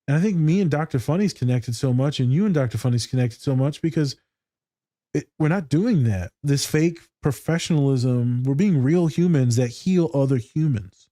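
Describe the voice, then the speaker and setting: A man's voice: mid-range voice, normal speed, mellow, dry recording, clean studio sound. A man who works as a therapist, co-hosting a podcast in loose, profane chat, telling stories with lots of energy, swearing freely and laughing often. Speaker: podcast co-host.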